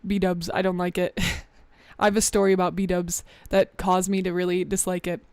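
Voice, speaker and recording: A young woman hosts her live stream in a relaxed, rambling way, reading the chat aloud and laughing often. Her voice is smooth and clear, and it sounds a little out of breath. The sound is close and dry, with no room echo. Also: lowish voice, normal speed. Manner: chatty, scattered, reads chat aloud. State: a bit out of breath. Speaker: VTuber streamer.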